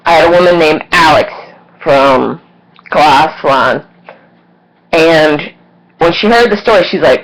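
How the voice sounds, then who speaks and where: A woman's voice: low voice, a little slow, long pauses, poor audio. Candid woman telling a story. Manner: candid, swearing, animated retelling with quoted voices. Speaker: vlogger. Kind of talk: casual storytelling to camera.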